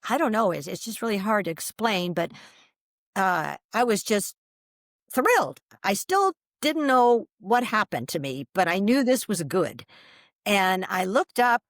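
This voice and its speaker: An older woman telling a personal story as an interview guest, animated and vivid, acting out the voices she quotes. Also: mid-range voice, measured pace, dry recording, clean studio sound.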